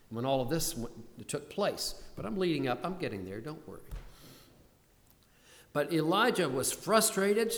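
An older man preaching a sermon, retelling scripture in a storytelling way and pressing hard on key lines. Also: medium pitch. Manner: storytelling, rising to urgent emphasis in quoted pleas. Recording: long hall reverb.

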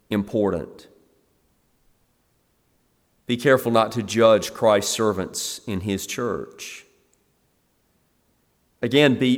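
A middle-aged male pastor preaching in a relaxed, conversational way, at an everyday mid pitch. He explains the text and brightens when he acts out the people in the story. His voice carries a long reverb, as in a church sanctuary. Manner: conversational, acts out the scene in lively quoted asides. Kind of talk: expository sermon.

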